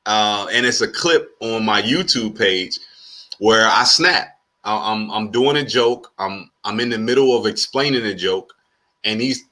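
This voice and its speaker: Bright-voiced male comedy host. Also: lowish voice. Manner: lively, repeats words when starting. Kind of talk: casual chat. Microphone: video call.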